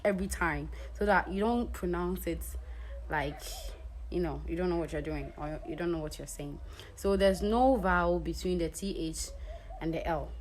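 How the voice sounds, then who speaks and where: A woman hosting an English pronunciation lesson. She speaks deliberately, spells words out letter by letter and checks that the viewer understands. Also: fairly low pitch, a little hiss or hum, low-quality recording. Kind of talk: spoken language lesson.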